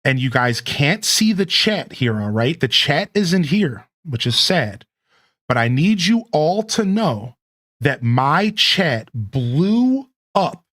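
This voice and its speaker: A man streamer casually telling a story to his stream chat, laughing often and mimicking chat in high yelps. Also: very animated, takes it slowly, fairly bright tone.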